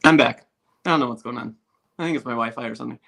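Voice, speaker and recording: A man chatting casually as a podcast guest over a video call, animated and quick, with many fillers. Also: mid-range voice, gravelly. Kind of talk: casual chat.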